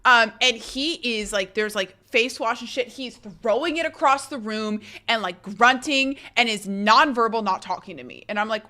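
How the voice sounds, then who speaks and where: A young woman with a bright, fairly high voice, talking to her stream from a home setup. She is chatty and animated, swearing freely and breaking into laughter as she tells a story. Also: brisk, few pauses. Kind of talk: casual chat storytelling.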